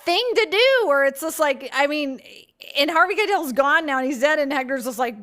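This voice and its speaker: A woman's voice: sits high, animated, fairly quick, a bit bright. A woman co-hosting a film podcast, rambling, full of "like," and swearing freely. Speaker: podcast co-host. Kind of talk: casual film discussion.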